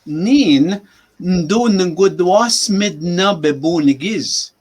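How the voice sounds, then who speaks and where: A man in his sixties, a language teacher on a podcast, patiently saying each word and repeating it slowly. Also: fairly high pitch, animated, breathy edge. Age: 60s. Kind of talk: teaching words in a podcast chat.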